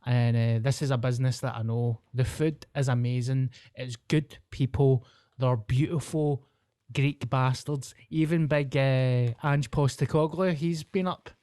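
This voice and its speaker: A man with a Glasgow accent hosts a podcast, talking in a sweary, self-mocking, laughing way. His voice sits at a middling pitch and is recorded close and dry, with no room sound. He sounds like a man in his thirties. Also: steady tone, unhurried, warm tone, smooth, no echo. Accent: Scottish, Glasgow. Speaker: podcast host. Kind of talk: casual podcast chat.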